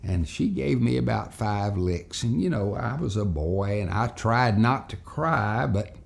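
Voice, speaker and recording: A man telling a childhood story as a moral lesson for children and parents, in an animated, folksy way. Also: fairly low pitch, a little slow, vocal fry.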